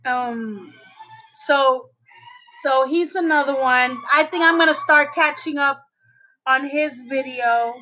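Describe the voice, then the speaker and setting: A middle-aged woman with a very high, bright voice chats casually with her viewers. She talks at an unhurried pace and turns animated and loud whenever she quotes someone funny. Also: dull audio, a little hiss or hum. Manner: animated storytelling, quotes a funny guy loudly. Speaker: vlogger talking to viewers. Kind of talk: casual chat on a call.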